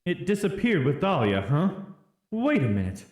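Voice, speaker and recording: A man voicing a sharp young female defense lawyer, probing and surprised. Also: high voice, huge pitch swings, normal speed, distant mic, noisy background. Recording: roomy, off-mic. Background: game music.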